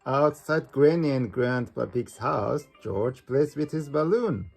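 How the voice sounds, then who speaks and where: A reader narrating a children's picture book aloud in a slow, even way. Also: medium pitch, vocal fry, husky, soft background music. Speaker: storybook reader. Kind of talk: storybook read-aloud.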